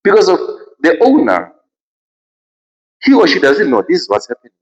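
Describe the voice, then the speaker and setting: A man with a South African accent, hosting a podcast and telling a story in a casual, expressive way. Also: a little high, moderate pace, highs cut off. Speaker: podcast host.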